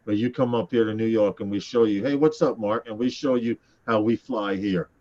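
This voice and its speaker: A man hosting a casual group chat show, talking fast and teasing his guests. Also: lowish voice, highs cut off. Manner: animated, teasing, fast talker. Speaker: host.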